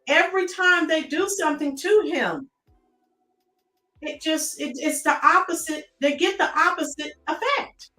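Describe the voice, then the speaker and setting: A woman's voice: sits high, a little slow, sharp tone, echoey room, recorded from a distance, faint music behind. An American woman hosting a live-stream commentary, chatting and greeting her chat viewers by name. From United States.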